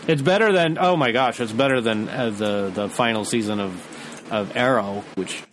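A man co-hosting a podcast in casual chat, excitable and quick to laugh. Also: fairly low pitch, a little hiss or hum. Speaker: podcast co-host.

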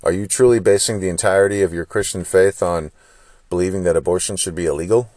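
A man's voice: sits low, steady tone, fast, darkish tone, no room sound, studio quality. A man hosting a solo podcast, talking through his frustration in a lecturing stream of rhetorical questions. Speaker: podcast host. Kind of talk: solo opinion monologue.

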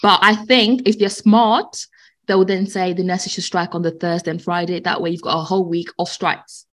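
Nurse explaining in casual chat. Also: female voice, lowish voice, steady tone, moderate pace. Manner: explains at length, talks over others. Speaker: nurse prescriber and podcast co-host.

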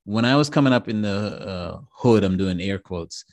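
A man with a lowish voice hosts a podcast in easy conversation, laughing readily and circling back on his sentences. It is recorded close and dry. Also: expressive, moderate pace, no echo. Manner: talkative, laughs easily, restarts his sentences. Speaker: podcast host. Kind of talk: casual podcast chat.

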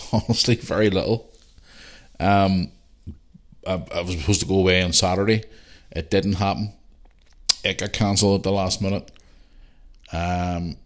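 A middle-aged man with a Northern Irish accent, hosting a casual solo podcast and chatting in a rambling, ranting way. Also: low voice. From Northern Ireland. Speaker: podcast host.

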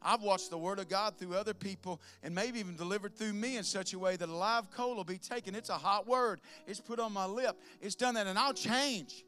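A man preaching a sermon as pastor, swinging between loud preaching and soft asides, with laughs. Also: sits high, a little fast, few pauses.

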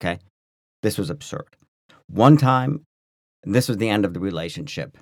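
A man co-hosting a podcast, telling a story in a rambling, animated way full of restarts and fillers. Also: fairly low pitch, normal speed, dry recording, studio quality. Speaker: podcast co-host. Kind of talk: casual storytelling chat.

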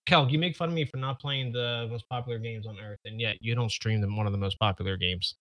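A man's voice: medium pitch, fairly even intonation, fast talker, a bit bright, no room sound. A man co-hosting a casual gaming podcast, talking bluntly and dismissively. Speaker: podcast co-host. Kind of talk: casual chat.

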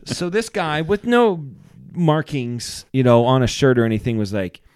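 Speaking fairly quickly in a mid-range voice with a clean tone, a podcast co-host spins a story during casual conversation and voices each of its characters with animation. The recording is studio quality, with no echo.

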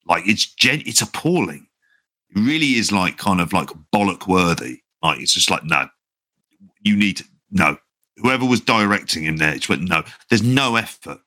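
A man's voice: sits low, very animated, normal speed, pushed and bright. A man co-hosting a casual podcast chat, blunt and exasperated, with salty language. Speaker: podcast co-host.

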